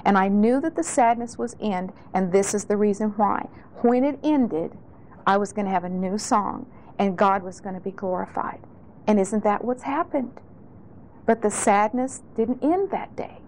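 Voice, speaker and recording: A woman's voice: mid-range voice, moderate pace, a little mellow, a little hiss or hum, poor audio. A middle-aged woman giving an earnest, heartfelt spoken testimony in a sermon, often restarting her phrases. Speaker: speaker sharing testimony.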